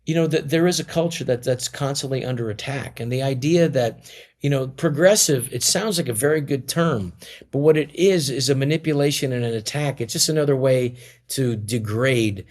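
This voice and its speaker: Middle-aged man, interview guest, average pitch, loose rambling delivery with many false starts. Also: normal speed, darkish tone. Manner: rambling, many restarts and fillers. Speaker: comedian guest. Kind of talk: casual interview storytelling.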